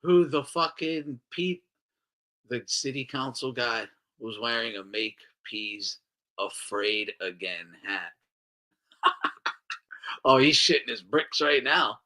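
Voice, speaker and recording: A man co-hosting a casual podcast, ranting in an animated way, swearing a lot and acting out what others said. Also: medium pitch, slow pace, long pauses. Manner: animated, swears a lot, acts out quoted voices. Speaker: podcast co-host.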